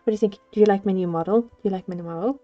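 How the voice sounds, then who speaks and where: A woman's voice: very fast, dry recording. A woman livestreaming a game, chatting playfully with viewers and gushing over cute things, on slightly dull lo-fi stream audio. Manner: playful, gushing, switches into squeaky cute voices. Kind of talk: casual gaming livestream chat.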